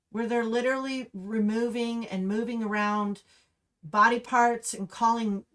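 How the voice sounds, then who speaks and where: A woman hosting a livestream gives angry, impassioned commentary that runs restless and ranting. Her voice sits a touch higher than most. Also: steady tone, measured pace, fairly bright tone. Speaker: livestream host. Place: Humboldt County, California.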